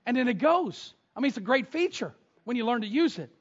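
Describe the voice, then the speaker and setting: High-pitched male pastor, dull lo-fi church recording, storytelling sermon that goes from hushed to shouting. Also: big pitch swings, brisk. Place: church sanctuary.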